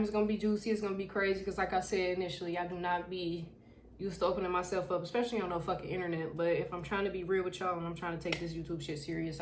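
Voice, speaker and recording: A young adult woman talking loud and animated, with a lot of swearing, in a casual storytime vlog filmed at home on camera. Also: medium pitch, noisy background. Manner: loud, animated, profane chatter. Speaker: YouTuber. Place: home room with backlight. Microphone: camera in front of her.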